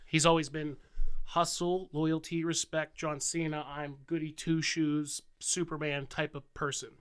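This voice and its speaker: A man's voice: a little high, little pitch movement, measured pace, fairly bright tone, smooth. A man co-hosting a podcast, out of breath from being sick, chatting casually and explaining wrestling at length with a bit of swearing. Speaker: podcast co-host.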